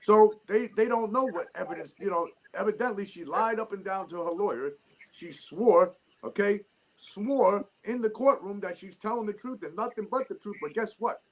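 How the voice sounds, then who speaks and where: Middle-aged New York man, high-pitched, heated and profane casual talk. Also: normal speed. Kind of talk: casual chat.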